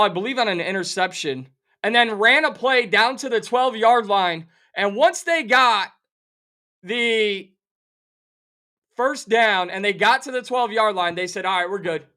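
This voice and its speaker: A middle-aged man hosting a sports talk show, delivering an animated, sarcastic rant of theatrical outrage about a football game and a bet. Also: high voice, unhurried, pauses often. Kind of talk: fired-up sports betting rant.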